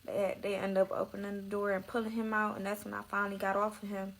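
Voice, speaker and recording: A woman's voice: mid-range voice, little pitch movement, quick pace, vocal fry, a bit bright, low-quality recording. A young woman telling her own story in a slangy, emotional way, close to tears at times. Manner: slangy, tearful, dramatic retelling.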